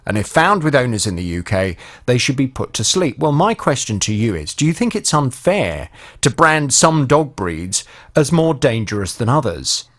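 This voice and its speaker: Lively radio phone-in host. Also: male voice, mid-range voice, moderate pace. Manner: animated, conversational, addresses listeners directly.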